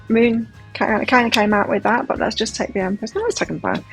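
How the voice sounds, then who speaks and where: A woman's voice: a little high, fairly quick, creaky, hardly any pauses, soft background music, rough recording. A woman giving a pick-a-card tarot reading, talking to the viewer as she turns cards and exclaims over them. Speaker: tarot reader.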